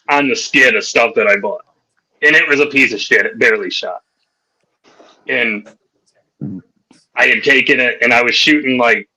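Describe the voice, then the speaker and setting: Over a rough recording, the podcast host's mid-range voice comes across sharp. Chatting casually, he spins rowdy, profanity-filled anecdotes and keeps laughing through his stories.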